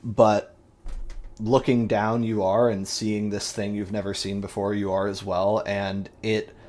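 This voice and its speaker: A man's voice: lowish voice, darkish tone. A man narrating a tabletop game as game master, in a rambling, descriptive way with many fillers.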